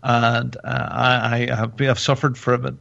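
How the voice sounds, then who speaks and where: A man's voice: medium pitch, level tone, a little slow, creaky, sharp tone, no echo, highs cut off. A man hosting a casual podcast chat, rambling and joking with lots of fillers and restarts, a little tipsy from wine. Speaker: podcast host.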